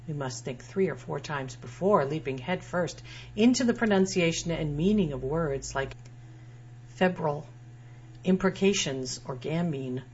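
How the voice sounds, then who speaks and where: A woman's voice: deep voice, darkish tone. Wry woman reading her essay, lo-fi. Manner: wry, dryly humorous. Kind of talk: reading a personal essay aloud. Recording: dull lo-fi sound with faint hum.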